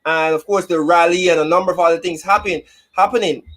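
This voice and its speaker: A man's voice: sits high, fairly even intonation, quick pace, a bit bright. A man hosting a casual live-stream talk show, chatting and greeting viewers by name.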